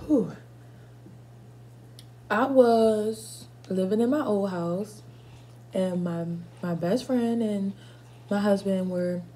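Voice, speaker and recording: Eating on camera for her mukbang video, a mellow-voiced woman in her 20s with a mid-range tone shares laid-back, swear-filled stories, breaking off occasionally to respond to the spice.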